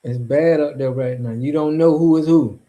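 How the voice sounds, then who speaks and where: The audio is poor as a streamer with a fairly high, mellow voice hosts a casual stream at normal speed. He answers his chat in a loose, slangy, rambling manner and laughs a lot.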